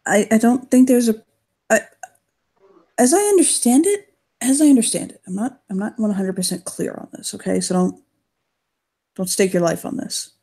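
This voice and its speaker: Halting, husky woman running a tabletop game. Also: on the high side, dark tone. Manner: halting, searching for words, sighing. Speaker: game master.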